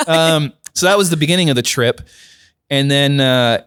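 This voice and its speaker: A man's voice: a little high, normal speed, fairly bright tone, clean tone. Young man telling rambling stories. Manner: rambling storytelling, heavy with "like". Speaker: comedy podcast host. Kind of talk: casual chat.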